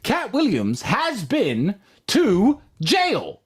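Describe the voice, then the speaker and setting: A man chatting casually, excitable and profane, his high voice leaping all over the place. He ramps stories up into near-shouts. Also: drawn-out words, slightly rough. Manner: excitable, profane storytelling with big swings. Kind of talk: casual chat.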